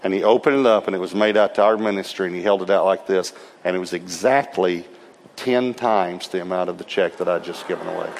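Lively low-voiced male preacher. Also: a little fast, a little hiss or hum. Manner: lively storyteller who acts out quotes and laughs. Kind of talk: sermon storytelling. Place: church service. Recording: long reverb of a large hall.

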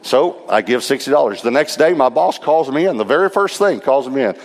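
A man's voice: medium pitch, fairly quick. A middle-aged man, a pastor, preaching and telling funny stories with quoted dialogue. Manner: humorous, animated storytelling with quoted voices. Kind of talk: sermon storytelling. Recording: long hall reverb.

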